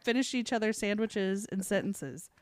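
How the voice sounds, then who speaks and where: A young woman co-hosting a podcast in casual, excitable chat, swearing and tripping over her words. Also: mid-range voice, moderate pace, dry recording, studio quality. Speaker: podcast co-host.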